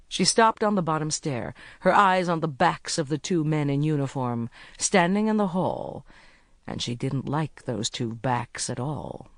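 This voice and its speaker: An audiobook narrator reading a cozy mystery with an expressive delivery, recorded close on a studio mic. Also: medium pitch, a little slow, no room sound.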